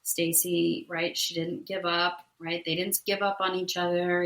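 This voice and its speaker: A woman with a lower voice talks through a reality show episode in a relaxed podcast chat. She walks through what happened point by point, dotting it with "um" and "right?". The sound is roomy and echoey. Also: a little slow, few pauses. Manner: recaps events step by step with many "um"s and "right?". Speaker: podcast co-host.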